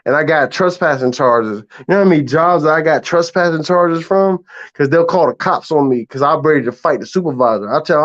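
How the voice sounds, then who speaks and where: A man's voice: a little high, animated, a little fast, dull audio. A man with a Southern American accent, talking boastfully and profanely on a live stream panel, laughing often. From Southern United States. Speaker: panel caller. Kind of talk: casual live stream chat.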